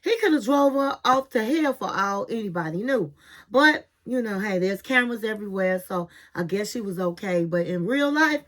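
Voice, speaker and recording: A woman's voice: mid-range voice, normal speed. A woman giving a casual, chatty recap of a reality TV episode, telling it with sass and calling her listeners honey and girl. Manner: sassy, animated storytelling, calls viewers honey and girl.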